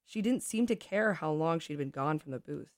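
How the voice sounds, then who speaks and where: A woman's voice: sits low, moderate pace, dry recording, studio quality. A woman hosting a show, reading a story and poems aloud expressively and chatting between pieces. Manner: expressive storyteller, laughs easily. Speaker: host reading stories and poems. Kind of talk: reading aloud and casual chat.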